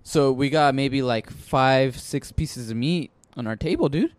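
Young man, podcast co-host, casual storytelling, profane, rambling, mid pitch. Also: a little slow, no echo. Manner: profane, rambling, lots of fillers and restarts.

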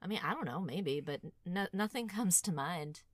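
Woman, podcast co-host, casual chat, wry and joking, lively pitch, dry close sound. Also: moderate pace, no room sound.

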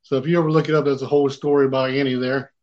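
A man's voice: mid-range voice, little pitch movement, rapid-fire, darkish tone, muffled recording. A man, a paranormal investigator, telling his own story in plain, colloquial speech. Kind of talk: casual storytelling.

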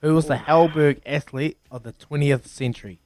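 A man's voice: fairly high pitch, fairly even intonation, normal speed, darkish tone, soft background music. A man with a New Zealand accent hosting a breakfast radio quiz, upbeat as he counts down and teases callers.

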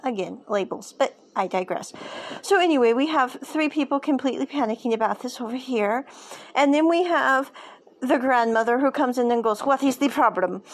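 A woman's voice: sits high, normal speed. A woman chatting casually as a show reviewer, enthusiastic and prone to digressions.

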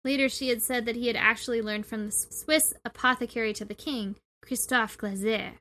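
A woman's voice: on the high side, fairly even intonation, fairly quick, pushed and bright. A woman hosting a podcast, telling a true-crime history story in a chatty way with asides. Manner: chatty, reads notes with asides. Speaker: podcast host.

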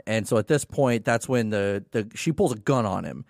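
A man's voice: lowish voice, normal speed, gravelly, few pauses, no echo, clean studio sound. A man chatting casually as a podcast co-host, recapping a story, swearing now and then and acting out characters' lines. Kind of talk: casual chat.

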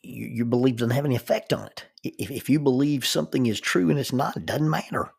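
A man's voice: mid-range voice, quick pace, creaky, breathy edge, dry recording, clean studio sound. An American man, a counselor and minister, telling a personal story in a casual, rambling way and often repeating words as he thinks aloud. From United States.

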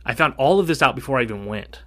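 Bright-voiced man telling a story. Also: medium pitch, fast. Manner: rambling, animated, acts out quoted dialogue. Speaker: podcast co-host. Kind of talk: casual storytelling chat.

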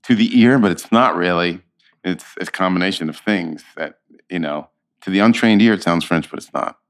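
A man with a very low, deep voice chats in an interview. He tells anecdotes with animated energy, starting over and acting out what others said. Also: brisk. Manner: animated storyteller, slips into quoted voices. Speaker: actor, interview guest. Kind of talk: casual interview chat.

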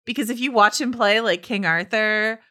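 A woman from Northern California co-hosting a podcast in casual chat, animated and laughing often. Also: a little high, moderate pace. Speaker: podcast co-host.

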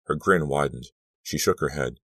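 A man narrating an audiobook in a measured, dramatic first-person reading. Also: a bass voice, no room sound, studio quality. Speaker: audiobook reader.

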